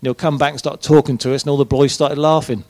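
A man's voice: fairly high pitch, level tone, fast talker, a little mellow, dry recording. Man telling rowdy anecdotes. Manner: swearing, colloquial anecdotes with laughter. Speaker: former footballer, guest. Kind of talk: casual live storytelling. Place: event room with a live audience.

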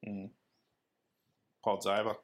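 A man's voice: fairly low pitch, monotone, takes it slowly. A man, co-hosting a podcast in casual chat, joking and laughing often and slipping into silly voices. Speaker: podcast co-host.

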